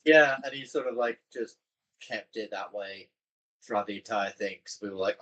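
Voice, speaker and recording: A man's voice: on the low side, fairly even intonation, normal speed, fairly bright tone, dull audio. A man playing a tabletop game, chatting casually and joking with frequent laughter. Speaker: player.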